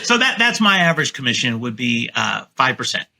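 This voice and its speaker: A man's voice: medium pitch, sing-song, brisk, gravelly, sharp tone. A man on a remote call, a real estate agent talking casually and confidently as a guest, coaching listeners and often repeating himself. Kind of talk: casual interview chat.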